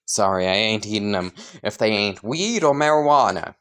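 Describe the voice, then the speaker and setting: A woman voicing a worn-out male teacher who talks in a flat, weary, dry way. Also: very deep voice, normal speed, pitched below the performer's own voice.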